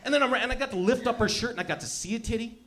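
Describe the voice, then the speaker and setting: A young adult man doing a profane, rambling stand-up comedy set, telling animated stories to a crowd. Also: extremely high pitch, very fast.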